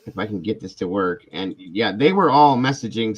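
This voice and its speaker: A man's voice: lowish voice, animated, normal speed, breathy edge. A man hosting a live stream, talking earnestly and emotionally in a casual chat. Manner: earnest and emotional, storytelling with quoted voices. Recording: dull lo-fi stream audio.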